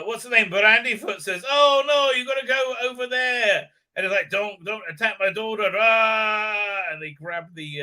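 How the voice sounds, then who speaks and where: A man hosting a live stream, recapping an episode in a rambling, profane rant, stammering through fillers and mocking the characters in quick put-on voices. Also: on the high side, bright, forceful tone.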